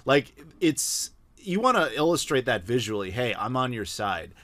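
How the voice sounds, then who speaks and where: A man co-hosting a podcast, talking in a blunt, critical, animated way in casual discussion. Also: medium pitch, moderate pace, no room sound. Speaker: podcast co-host.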